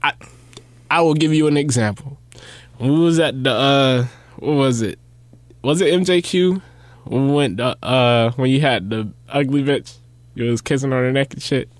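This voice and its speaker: A man's voice: mid-range voice, moderate pace, no room sound. A young man in casual chat, telling profane stories and teasing his friend.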